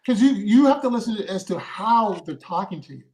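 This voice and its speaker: High-voiced man explaining acting. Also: expressive, brisk, darkish tone, rough recording. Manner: explains at length with many restarts. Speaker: podcast co-host and actor. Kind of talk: casual chat.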